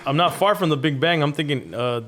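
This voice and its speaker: A man's voice: on the high side, fairly quick, a bit bright. A man, a DJ guest on a podcast, talking in a laid-back way and swearing freely. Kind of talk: casual interview.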